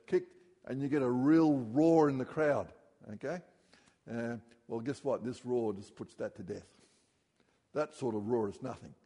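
A middle-aged man preaching a sermon, rising loudly when he reads scripture. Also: medium pitch, long reverb tail. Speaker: pastor.

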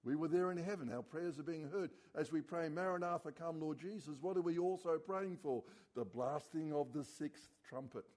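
Pastor, male, warm mellow tone, earnest sermon delivery that sinks quiet on key words. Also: on the high side.

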